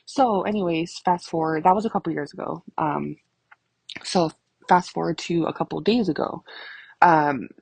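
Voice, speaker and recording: A woman's voice: fairly low pitch, moderate pace, creaky, husky, no echo. A woman in her thirties hosting her own podcast, telling stories casually, swearing a lot and laughing often. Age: 30s. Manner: profane, laughing, animated storyteller. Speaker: podcast host. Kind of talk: casual storytelling monologue.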